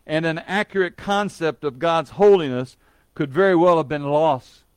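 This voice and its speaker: Earnest preacher man, fairly high voice. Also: moderate pace, a little mellow, clean tone, dry recording. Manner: earnest, emphatic repetition, occasional light humor. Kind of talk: sermon.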